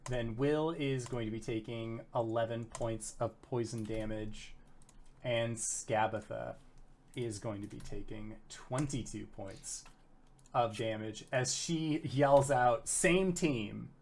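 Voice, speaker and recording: Guy running a tabletop game, unhurried, gets loud and animated with the characters. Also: medium pitch, slight background noise. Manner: animated, bursts into loud shouted character lines. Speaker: game master.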